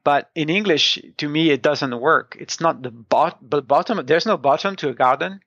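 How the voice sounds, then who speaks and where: A man's voice: a little high, moderate pace, a bit bright, no room sound. A man from France, a native French speaker, co-hosting a casual comics review podcast and explaining points thoughtfully, with many restarts. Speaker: podcast co-host. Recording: dull, dry sound.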